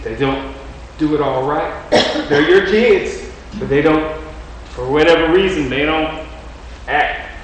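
A male preacher giving a folksy, repetitive, encouraging sermon. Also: fairly high pitch. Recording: very echoey room, distant mic, faint noise.

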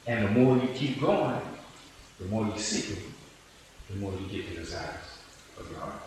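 A man in his sixties preaching a sermon as pastor, in repeated rhythmic phrases that swing from hushed to hollering. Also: lowish voice, expressive, normal speed, a little hiss or hum. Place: church hall. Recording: echoey church from a distance.

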